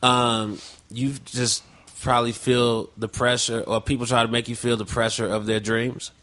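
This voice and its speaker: A man's voice: medium pitch, flat delivery, normal speed, a bit bright. A man from Chicago hosting a podcast. He tells stories in casual, profane chat and laughs often. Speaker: podcast host.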